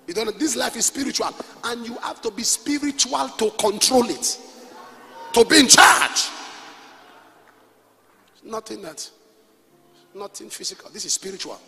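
A man with a Nigerian accent preaching a sermon, shifting from quiet asides to shouted calls and leading the congregation in prayer. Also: very high voice, lively intonation, measured pace, pauses often. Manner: emphatic preaching, alternating soft asides with shouts; leads call-and-response prayer and prays in tongues. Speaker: pastor. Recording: reverberant hall with faint noise.

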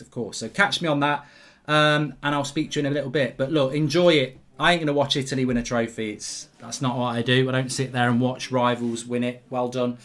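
A middle-aged English man giving a blunt, sweary live reaction to a football match. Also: mid-range voice.

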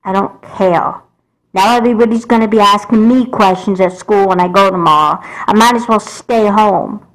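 A woman's voice: medium pitch, moderate pace, lightly acted. A woman voicing an angry, sulky teenage girl in a doll movie. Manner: sulky, raising her voice in anger. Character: teenage girl, upset and angry over twin.

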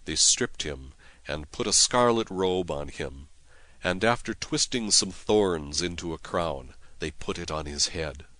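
A priest reads prayers and scripture with solemn, measured care, in a very low voice that moves slowly. His tone is bright and clear. The sound is dry and close, with no room behind it. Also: lively intonation, no room sound. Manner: solemn, measured reading with Latin chant-like prayers. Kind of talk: devotional reading of prayers and scripture.

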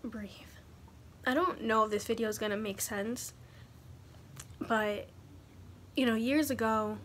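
A young woman talking haltingly in a personal confessional vlog, pausing often to collect her thoughts. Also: a little high, steady tone, fairly bright tone, slight background noise. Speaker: vlogger.

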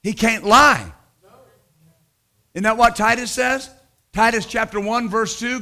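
A middle-aged male pastor preaching with a high, bright, forceful voice. He pushes hard on key points, then drops into quiet, casual asides and stories. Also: measured pace, vocal fry, long pauses. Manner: emphatic preaching, swings from loud to quiet storytelling. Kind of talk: sermon.

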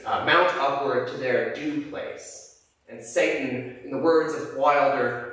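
A man's voice: mid-range voice, fairly bright tone, far from the mic. Man preaching in an echoey church. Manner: storytelling with frequent restarts and fillers. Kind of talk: sermon. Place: church sanctuary.

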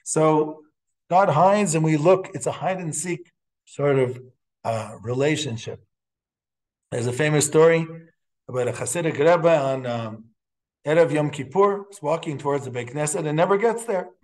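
A man teaching as a rabbi in a lecture, talking in halting phrases with frequent restarts and telling stories with quiet laughs. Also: fairly high pitch. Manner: storytelling with laughs and Hebrew quotes. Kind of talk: classroom lecture.

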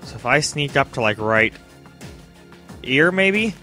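A man's voice: medium pitch, animated, a little slow, bright, forceful tone, faint music behind. A young man chatting casually over his gameplay in a self-mocking way, often talking straight to the game's characters. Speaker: let's play commentator.

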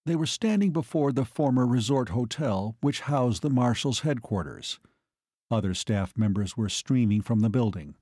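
A man narrating an audiobook in a measured, steady reading voice. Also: medium pitch, no room sound, clean studio sound. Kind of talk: scripted narration.

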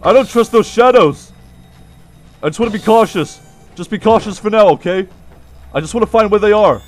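A man's voice: sits high, moderate pace, soft background music. A man hosting a gameplay video who gets startled easily and laughs at himself as he plays. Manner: jumpy, easily startled, giggly. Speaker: let's play host. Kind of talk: gameplay commentary.

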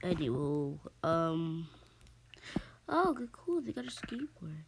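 A woman's voice: low-pitched, very animated, slow, creaky, noisy background. A woman hosting a casual game-play video, chatty and rambling, full of ums and asides to her viewers, and slightly out of breath. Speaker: gaming channel host.

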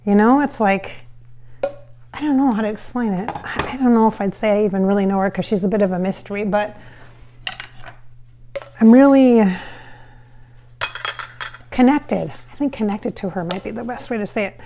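A woman's voice: mid-range voice, moderate pace, pauses often, warm tone, slight background noise. A woman chatting casually in a vlog while she cooks at home. She rambles, with many fillers and restarts. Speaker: psychic medium vlogger. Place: home kitchen with hardwood floors.

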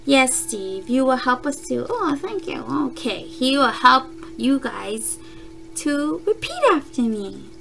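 A woman leads young children through a phonics lesson as their kindergarten teacher. She speaks very slowly in a high, bright, animated voice and repeats each word for them to echo. Soft music plays faintly behind her. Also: creaky. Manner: slow, deliberate, repeats words for children to echo.

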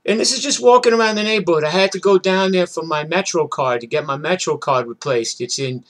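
A man, telling rambling, profane street stories in a gruff voice, like spoken-word poetry. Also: on the high side, brisk. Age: 60s. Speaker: show host and musician. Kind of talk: rambling spoken-word storytelling over guitar. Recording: loud guitar music behind the voice.

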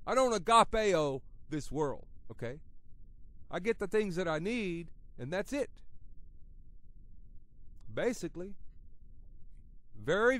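A middle-aged man preaching a radio sermon, talking conversationally at times and at others building to loud, emphatic passages. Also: on the high side, dry recording.

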